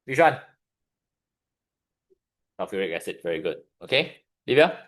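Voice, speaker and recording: A man with a Singaporean English accent leads a chemistry revision lesson, his pitch swinging widely as he explains. He keeps turning questions on the class and waits for replies. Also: sing-song, a bit bright. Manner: questions the class, pausing for answers. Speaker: chemistry tutor.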